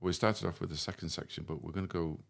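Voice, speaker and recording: A low, gravelly male voice with plenty of fry. He hosts a relaxed podcast chat, from Wales, chatty and teasing as he steers the talk. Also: fast talker. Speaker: podcast host. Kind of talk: casual chat.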